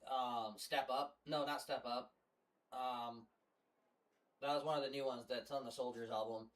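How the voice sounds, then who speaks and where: A man's voice: medium pitch, fairly even intonation, measured pace, low-quality recording. A man streaming a game on a headset mic, telling rambling stories in casual chat, swearing freely. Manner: rambling profane storytelling. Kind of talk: casual chat while gaming.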